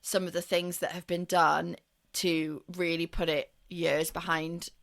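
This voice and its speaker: A woman's voice: lowish voice, level tone, measured pace, vocal fry, fairly bright tone. A woman co-hosting a podcast, giving casual football chat in a playful, teasing, chatty way. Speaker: podcast co-host.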